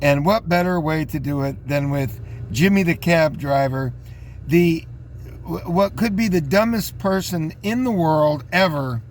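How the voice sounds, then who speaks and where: Casting: high-pitched man in his fifties, loose chatty host, faint hiss underneath. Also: a little slow. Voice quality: rambling, many fillers and restarts. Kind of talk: casual commentary.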